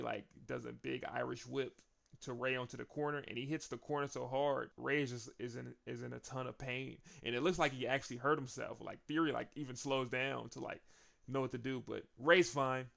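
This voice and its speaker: A man hosts a casual wrestling recap, talking in a loose, chatty way and laughing often between points. His voice is gravelly, with a middling pitch. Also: fairly even intonation, fairly quick, fairly bright tone.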